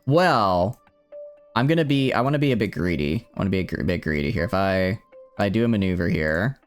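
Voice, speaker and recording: Low-voiced man streaming a game. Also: animated, a little fast, smooth, soft background music. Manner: thinks aloud, trips over words and restarts. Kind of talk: casual live-stream gameplay commentary.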